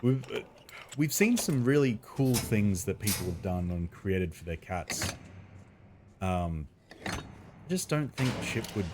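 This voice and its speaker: A man live-streaming a game, chatting casually with viewers, greeting them by name and laughing and swearing easily. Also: background noise. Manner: chatty, greets viewers by name, bursts of excited rising pitch.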